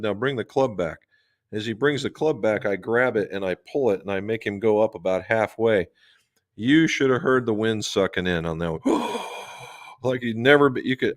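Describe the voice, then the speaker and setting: Folksy chatty man telling shop stories. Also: fairly low pitch. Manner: folksy storyteller, talks with his hands, relaxed and chatty. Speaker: golf club fitter and livestream host. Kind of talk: casual livestream chat answering viewers.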